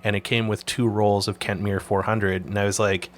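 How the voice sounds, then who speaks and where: A man from Canada hosting a casual photography chat, telling animated stories and swearing freely. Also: on the low side, normal speed. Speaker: podcast host.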